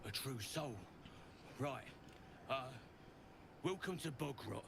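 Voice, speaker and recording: An actor voicing a gruff, menacing male goblin guard in a fantasy game, demanding and threatening. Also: mid-range voice, expressive, takes it slowly. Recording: game audio with background noise.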